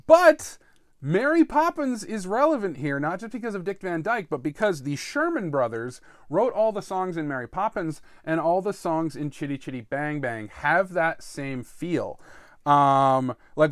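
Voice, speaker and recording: A man hosting a comedy podcast, riffing through an improvised monologue with frequent ums, jumping between loud asides and low mutters. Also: no echo, clean studio sound. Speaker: podcast host.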